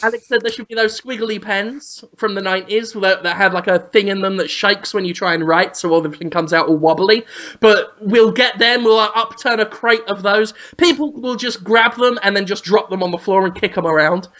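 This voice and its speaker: A woman co-hosting a podcast, playfully spinning an absurd scenario and acting out sounds and shouts. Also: mid-range voice, steady tone, brisk. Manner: teasing, spins an absurd scenario, acts out sounds. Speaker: podcast co-host. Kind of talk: playful comic storytelling. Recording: slightly muffled podcast audio.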